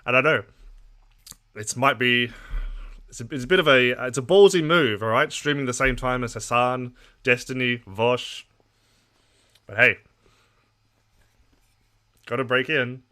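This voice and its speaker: Bright-voiced Australian man streaming casually. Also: mid-range voice, measured pace, long pauses. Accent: Australian with a trace of English. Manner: rambling, reacting to chat messages. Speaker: political streamer. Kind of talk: casual live-stream chat.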